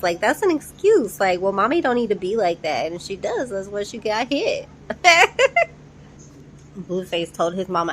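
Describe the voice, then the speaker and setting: A woman's voice: mid-range voice, very animated, measured pace, a bit bright, a little hiss or hum. A young woman casually recapping a reality show episode, chatty and incredulous, laughing often.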